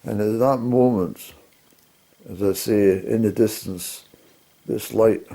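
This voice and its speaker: A man tells a personal story to camera, circling back and correcting himself as he goes, with the odd mild curse. His voice is low, gravelly and mellow. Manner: halting, rambling, mild swearing. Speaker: hillwalker recounting a journey.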